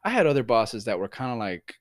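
Animated, cursing male podcast host. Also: medium pitch, fast talker, no room sound, clean studio sound. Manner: animated, profane, laughing storyteller. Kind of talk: casual storytelling chat.

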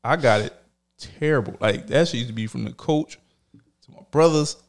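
A man's voice: mid-range voice, moderate pace, creaky. A man co-hosting a podcast, speaking plainly and bluntly, often chiming in with short agreement. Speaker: podcast co-host. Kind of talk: candid podcast conversation.

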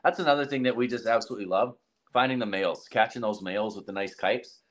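Easygoing man, lower voice. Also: fast talker. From southern Alberta, Canada. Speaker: podcast guest. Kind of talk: casual chat.

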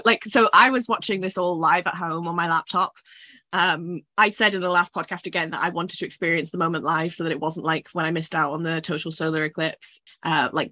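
A woman's voice: fairly low pitch, pushed and bright, no room sound. A woman co-hosting a podcast in casual chat, reflecting and thinking aloud. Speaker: podcast co-host.

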